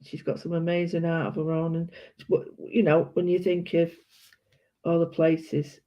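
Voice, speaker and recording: A woman's voice: on the low side, flat delivery, unhurried. Rambling British woman, dull lo-fi sound. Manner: rambling, chatty, self-correcting. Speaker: art vlogger. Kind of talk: casual chat while colouring.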